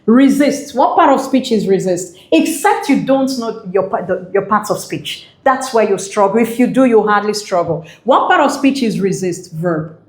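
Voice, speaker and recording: A woman's voice: mid-range voice, expressive, normal speed, reverberant. A woman teaching English for an exam, enthusiastic and repeating key phrases while asking the viewer questions. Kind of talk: exam prep lesson.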